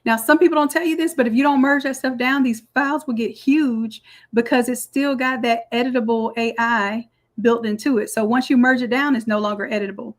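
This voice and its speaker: Chatty woman teaching software. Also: a little high, fairly even intonation, a little fast. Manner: chatty step-by-step explaining, Southern "y'all". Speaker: design instructor. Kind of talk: screen-recorded software tutorial.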